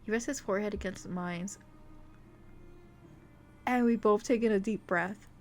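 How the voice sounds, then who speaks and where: A woman's voice: medium pitch, a little slow, soft background music. Giggly woman streamer reading romance aloud. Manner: giggly, gushing asides between dramatic narration. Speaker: VTuber streamer. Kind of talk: reading a romance visual novel aloud with reactions.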